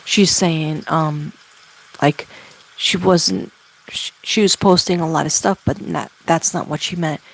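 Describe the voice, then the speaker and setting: A woman doing a spirit reading as a medium, talking haltingly and relaying messages with many fillers. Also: sits low, fairly even intonation, vocal fry, low-quality recording. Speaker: psychic medium.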